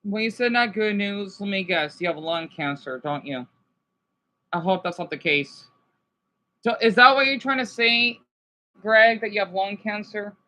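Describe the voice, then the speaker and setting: A man on a casual livestream, talking to his chat in a halting, rambling, sympathetic way with many restarts. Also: high voice, bright, forceful tone, low-quality recording. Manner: sympathetic and emotional.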